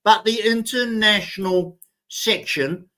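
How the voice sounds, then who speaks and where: Older Kiwi man, high-set voice, blunt, profane co-host of a casual chat. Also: takes it slowly, sharp tone, low-quality recording. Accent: New Zealand. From New Zealand. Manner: blunt, swearing, heated rant. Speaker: show co-host.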